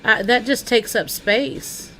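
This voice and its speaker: Woman, casual livestreamer; bright, crisp tone, rambling chatty delivery aimed at the chat. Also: on the high side, slow pace, faint music behind.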